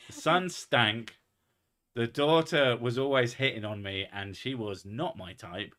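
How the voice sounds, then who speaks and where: A man hosting a casual chat podcast, telling stories in an animated, sweary way. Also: fairly low pitch. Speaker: podcast host.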